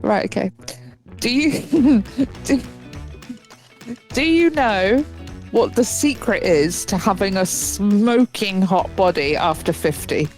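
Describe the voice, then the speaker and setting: A woman's voice: mid-range voice, animated, slow pace, pauses often, darkish tone, soft background music. A woman co-hosting a podcast, swapping jokes in casual chat and laughing often. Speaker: podcast co-host.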